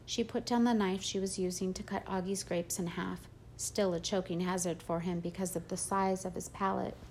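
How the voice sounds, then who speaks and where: A woman's voice: fairly low pitch, normal speed, slight background noise. Woman narrating a first-person audiobook. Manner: steady, plain storytelling.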